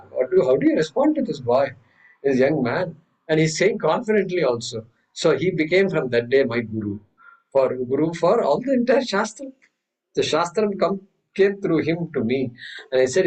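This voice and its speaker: A man teaching a scripture class, telling stories with many restarts and reciting Sanskrit verses slowly. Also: a little high, darkish tone, husky, poor audio. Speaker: Vedanta teacher. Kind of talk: spiritual class lecture.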